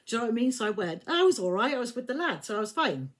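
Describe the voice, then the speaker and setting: A woman's voice: on the high side, sing-song, rapid-fire. Fifties English woman, tarot reader, rambling anecdote delivery, giggly and frank. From England. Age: 50s. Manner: chatty, laughs often, swears, loses track of dates. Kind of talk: casual storytelling.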